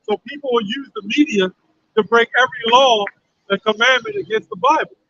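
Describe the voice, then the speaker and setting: A man's voice: extremely high pitch, very animated, a little fast, sharp tone. A man in a casual group conversation, explaining his point emphatically. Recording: dull lo-fi audio.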